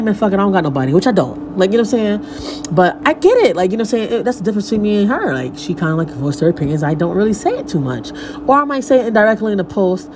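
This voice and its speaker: A woman's voice: medium pitch, noisy background. A woman hosting her own podcast at home, talking candidly and profanely about a falling-out with a friend, rambling with lots of fillers. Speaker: podcast host. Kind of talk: casual solo podcast monologue. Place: at home by a window.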